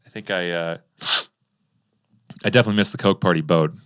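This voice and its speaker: Low-voiced laid-back young man chatting. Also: a little fast, clear, resonant tone, no room sound, studio quality. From Los Angeles. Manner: laid-back, rambling with many fillers and restarts; does exaggerated impressions in anecdotes. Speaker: podcast guest. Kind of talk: casual conversation.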